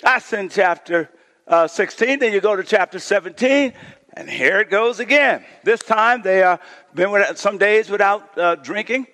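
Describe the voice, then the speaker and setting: Male pastor, high-pitched preaching voice, scripture reading and call-and-response, long hall reverb. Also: normal speed. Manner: preaching, calls on the congregation to shout responses; reads scripture, voicing the complaining crowd with rising intensity. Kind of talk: sermon.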